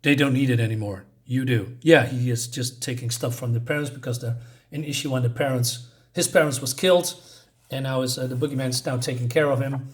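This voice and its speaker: A man's voice: mid-range voice, fairly even intonation, a little fast. A man chatting casually through a comic book review, hesitant, with many fillers and restarts.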